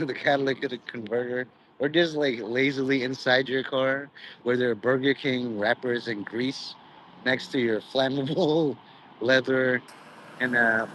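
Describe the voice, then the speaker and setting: Rambling, profane man at mid pitch. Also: a bit bright, slight background noise, low-quality recording. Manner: meandering, profane, peppered with "you know"; mock preachy, drifts into quoted voices. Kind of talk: rambling monologue.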